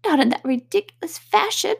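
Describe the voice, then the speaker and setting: A woman voicing a small, sleepy, grumbling male dormouse in a squeaky, peevish voice. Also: lively intonation, brisk, gravelly, full character voice.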